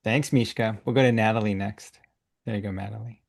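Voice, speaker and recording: A man's voice: lowish voice, fairly even intonation, fairly quick, gravelly. A man hosting an online comics workshop over a video call, speaking casually. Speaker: workshop host.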